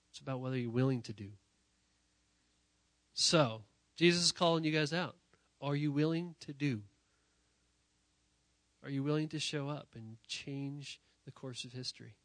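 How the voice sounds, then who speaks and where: Sick man preaching, bright and emphatic. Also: mid-range voice, dry recording. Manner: emphatic, rising to near-shouting then dropping quiet; repetitive, direct address to the audience. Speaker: youth pastor. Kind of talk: sermon. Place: church.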